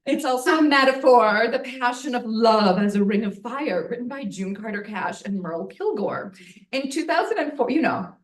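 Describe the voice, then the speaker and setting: A woman's voice: fairly high pitch, lively intonation, moderate pace. A woman telling a frank, bawdy comic story to a live audience, laughing at her own lines. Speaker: storytelling performer. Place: live venue in front of an audience. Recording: roomy audience mic from a distance.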